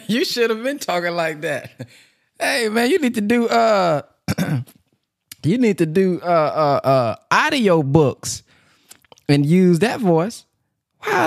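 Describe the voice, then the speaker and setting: Lively, excitable male call-in host. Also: sits high, vocal fry, no room sound, clean studio sound. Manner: animated, enthusiastic, casual slang. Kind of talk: call-in program hosting.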